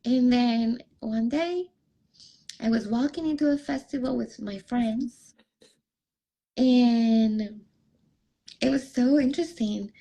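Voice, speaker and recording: Brief: young woman guest, relationship coach, unhurried storyteller, higher-pitched, acts out quotes. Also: vocal fry, poor audio. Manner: animated, acts out quoted dialogue with raised voice. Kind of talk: personal storytelling in an interview.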